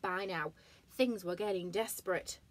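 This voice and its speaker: A woman teacher with a British accent reading a picture book aloud to young children in a slow, gently lively way. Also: fairly low pitch, a little hiss or hum. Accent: British English. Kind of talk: storybook read-aloud.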